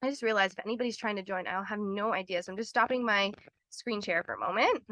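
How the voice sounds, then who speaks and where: A woman's voice: medium pitch, fast talker, pushed and bright, dry recording. A woman hosting a live health webinar, explaining in a chatty way, laughing often and acting out little voices as she goes.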